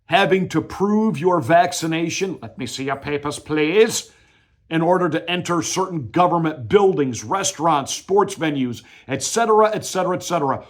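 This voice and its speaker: A man's voice: a little high, animated, moderate pace. A male pastor giving political commentary in a combative, emphatic, mocking way.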